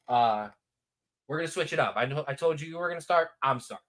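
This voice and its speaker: Animated male sports host, casual and repetitive, big pitch swings. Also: fast. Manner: animated, repetitive, hypes picks. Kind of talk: casual sports betting talk.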